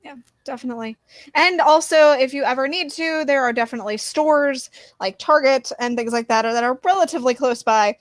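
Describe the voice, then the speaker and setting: A woman co-hosting a podcast, telling stories in casual chat, animated and quick to laugh. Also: high voice, no echo. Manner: animated storyteller, laughs easily. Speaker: podcast co-host.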